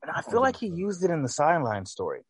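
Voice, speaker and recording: A man's voice: on the high side, wildly swooping pitch, fast, slightly rough, no echo. A man co-hosting a casual album review, critical and hesitant, correcting himself often.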